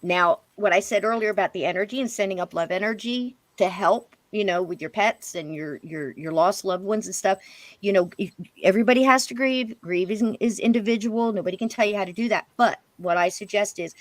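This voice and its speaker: A middle-aged woman tells a personal story in relaxed, animated chat. Her voice sits at a middle pitch and leaps higher when she imitates others. The sound is close and dry, with no room around it. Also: brisk, no echo. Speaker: podcast guest. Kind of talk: casual storytelling.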